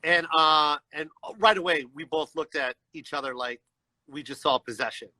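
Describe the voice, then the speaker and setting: High, bright-voiced man telling a story. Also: moderate pace, no echo, low-quality recording. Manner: animated, acts out voices in his story; frequent "you know what I mean" asides. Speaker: guest storyteller. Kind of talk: casual storytelling on a livestream. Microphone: video call.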